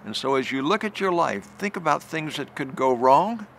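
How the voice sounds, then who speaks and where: An older man, a retired general, giving a recorded talk and telling a vivid story, restarting phrases as he goes and rising in pitch at the tense moments. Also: animated, moderate pace, creaky, a bit bright, slight background noise.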